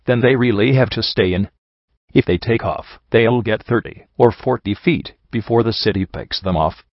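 Blunt mare riverboat captain, read by a man: low, bossy, dry lo-fi sound. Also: normal speed, dry recording, natural voice. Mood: stern. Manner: blunt, laying down rules. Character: tough female pony riverboat captain, bossy. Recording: dull lo-fi dry recording.

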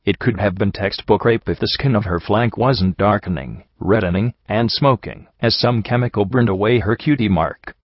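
A man reading a first-person story aloud in a steady, grim way. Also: fairly low pitch, moderate pace, hardly any pauses, no echo. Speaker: audiobook reader. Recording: dull lo-fi recording.

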